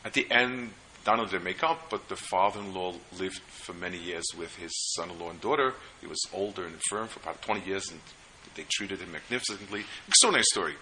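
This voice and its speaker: A man lectures at a seminar in a very bright, sharp voice. He is earnest and stops and restarts as he tells stories to make his points. Faint hiss sits behind him. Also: low-pitched, poor audio. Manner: earnest, storytelling, halting restarts. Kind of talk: lecture on parenting.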